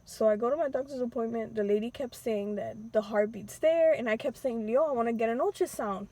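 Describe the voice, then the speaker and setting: A young woman tells a personal story in loose, slangy vlog talk. Her voice sits a bit high, husky and mellow. Now and then she acts out pleas in a higher, teary voice. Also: brisk. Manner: emotional, re-enacting pleas in a high crying voice, slangy. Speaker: vlogger telling a personal story. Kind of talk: casual storytime.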